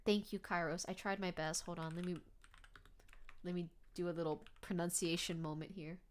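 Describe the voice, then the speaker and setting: A young adult woman streaming a game, reading aloud and chatting in an excitable, giggly way with some swearing. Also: lowish voice, normal speed, a little hiss or hum.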